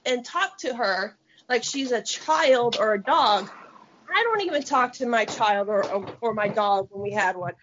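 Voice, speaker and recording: A woman co-hosting a podcast, talking in a blunt, profane and animated way in casual chat. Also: high voice, highs cut off. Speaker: podcast co-host.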